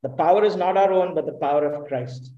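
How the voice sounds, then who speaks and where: Earnest high-voiced preacher, echoey room. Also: male voice, fairly quick, dark tone, dull audio. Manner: earnest, emphatic, asks the congregation questions. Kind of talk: sermon.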